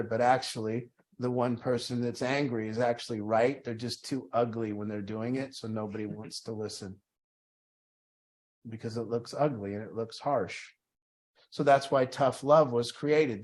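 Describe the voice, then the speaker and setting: A man leading a support group in an earnest, plain-spoken way. His pitch sits in the middle range for a man. He drives his points home by repeating the same phrases.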